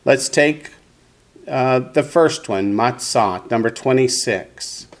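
Man, teacher, mid-pitched, steady and deliberate classroom delivery. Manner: slow, deliberate explanations, leads group repetition. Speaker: Hebrew teacher. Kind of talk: classroom lesson with call-and-response.

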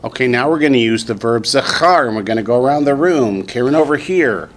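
A man with a Southern US accent teaching a language class in a classroom, drilling students slowly and patiently. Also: medium pitch, expressive. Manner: slow, patient drilling with repetition. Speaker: Hebrew teacher.

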